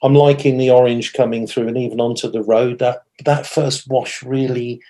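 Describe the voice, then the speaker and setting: A man leads a watercolour demonstration, talking his way through each brushstroke at a middling pitch. He thinks aloud, stops to fix his own slips and pokes fun at himself for his group. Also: fairly even intonation, normal speed, mellow. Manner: chatty, thinks aloud while working; self-deprecating humour. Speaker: watercolour teacher. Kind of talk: live painting demonstration.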